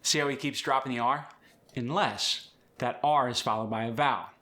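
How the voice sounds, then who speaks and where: Male accent coach hosting a tutorial, bright and forceful tone, clear and explanatory delivery. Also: medium pitch, normal speed. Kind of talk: instructional tutorial.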